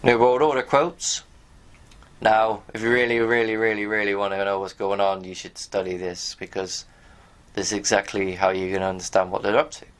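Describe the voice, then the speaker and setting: The voice is on the low side, smooth and flat, at a moderate pace. A video host casually reads through on-screen pages, giving his viewers blunt, wandering remarks and swearing from time to time.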